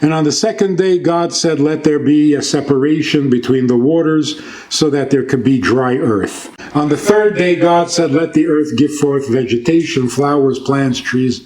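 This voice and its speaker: Male rabbi, fairly high voice, informal lecture style, quizzes the room and jokes. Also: normal speed, a little mellow. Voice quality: conversational, asks the audience questions and jokes. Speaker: rabbi giving a talk.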